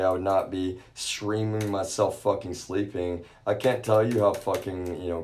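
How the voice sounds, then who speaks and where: A man streaming live, ranting with heavy swearing and constant repetition, swinging from low muttering to shouts. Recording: echoey room.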